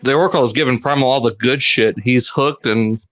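Male co-host, relaxed conversational delivery, halting starts. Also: mid-range voice, dull audio, a little hiss or hum. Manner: laid-back, chuckling, halting starts. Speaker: podcast co-host. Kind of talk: casual chat.

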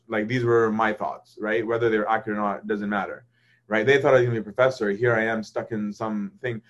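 A man teaching in a casual, conversational way. He keeps checking in with "right?" and acts out quoted thoughts in lively voices. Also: fairly low pitch, quick pace. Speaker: speaker leading a faith discussion.

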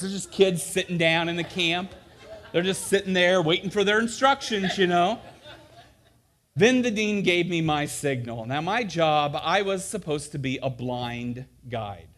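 A man preaching a sermon, telling a camp story with acted-out voices and many fillers and restarts. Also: fairly high pitch.

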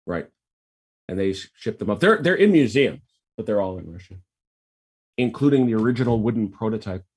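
A man with a husky, slightly rough voice co-hosts a casual chat. He reads historical figures aloud and then drifts into chatty asides and restarts. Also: on the low side, lively intonation, brisk. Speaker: podcast co-host.

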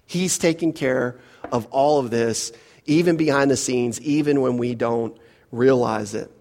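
A pastor preaching an expository sermon to his congregation, emphatic and full of rhetorical questions, often dropping to a softer voice. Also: mid-range voice, unhurried. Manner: emphatic, rhetorical questions, drops to soft asides.

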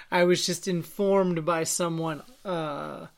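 A woman co-hosting a podcast in casual chat, telling stories candidly and acting out quoted lines loudly. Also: lowish voice, fairly even intonation, slow.

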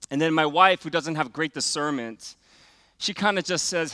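A middle-aged man preaching a sermon, telling a personal story in a casual, conversational way and dropping to a hush for emphasis. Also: fairly high pitch, moderate pace, smooth, no echo. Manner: conversational storytelling, many fillers, drops to quiet for emphasis. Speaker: pastor.

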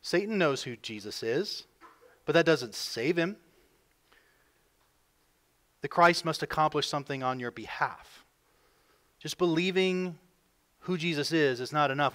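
A man preaching a sermon as pastor, building emphasis and swinging between loud pushes and quiet drops. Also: mid-range voice, moderate pace, long pauses. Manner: emphatic preaching, voices quoted figures with rising force.

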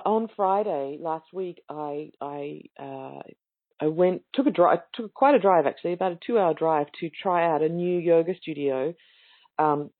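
Speaking to yoga teachers, a woman with a voice on the low side shares a chatty, enthusiastic anecdote about a yoga class and performs what other people said. The sound is narrow and phone-like, captured over an online call or webinar.

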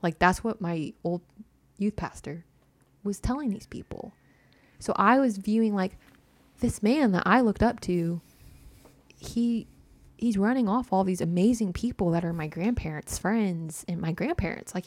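A woman's voice: mid-range voice, unhurried, long pauses, a little mellow, no echo. A young woman telling a personal story in casual chat, full of "like" and little laughs. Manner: chatty, heavy use of "like", laughs often.

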